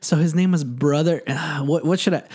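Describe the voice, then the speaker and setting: A man's voice: a little high, moderate pace, a little mellow, breathy edge. A young man in casual chat, telling a rambling, slangy story with laughs.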